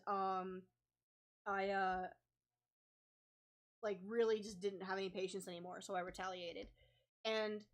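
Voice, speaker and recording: Young woman vlogging while drawing, rambly and casual, lots of um and like. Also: medium pitch. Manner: rambling, lots of ums and likes. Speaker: comic artist vlogger.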